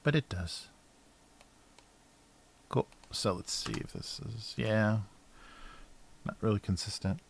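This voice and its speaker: Low-pitched male cartoonist, casual livestream chatter while drawing, mumbly, trails off. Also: lively intonation, takes it slowly, vocal fry, pauses often, slight background noise. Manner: mumbling to himself, trailing off, soft laughs.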